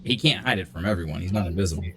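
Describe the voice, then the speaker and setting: Brief: quick, low-pitched male game master, faint hiss. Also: bright, forceful tone. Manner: brisk, matter-of-fact rulings. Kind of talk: running a tabletop game.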